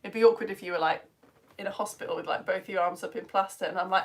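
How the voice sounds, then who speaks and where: A woman's voice: medium pitch, steady tone, fast. A woman teaching online, chatting through viewers' comments on a live stream in a bubbly way, with whispered asides and a slightly strained throat.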